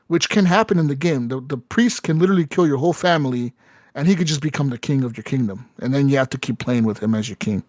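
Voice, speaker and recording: Speaking fast in a mid-range voice, a man hosts a casual podcast and tells a story with lots of energy, frequent swearing and constant "right?" and "like" fillers. The audio is studio quality without echo.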